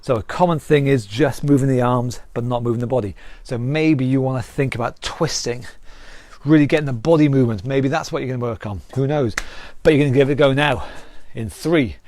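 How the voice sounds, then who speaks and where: A man's voice: mid-range voice, brisk, darkish tone, no echo. A British man leading a live online workout as fitness instructor, counting down and cheering people on, at times out of breath. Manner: upbeat, encouraging counting and cueing. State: out of breath after exercise.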